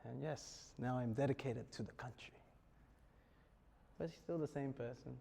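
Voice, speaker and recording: A man's voice: mid-range voice, normal speed, gravelly, warm tone, a little hiss or hum. A man with an Australian accent giving a lecture to students, joking and chuckling often as he talks. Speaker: spiritual speaker. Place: university lecture hall. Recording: long hall reverb.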